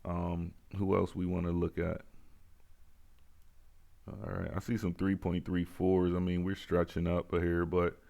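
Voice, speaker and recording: A man's voice: low voice, completely flat delivery, unhurried, vocal fry, mellow. A man hosting casual sports betting picks, laid-back and repeating himself as he talks to viewers.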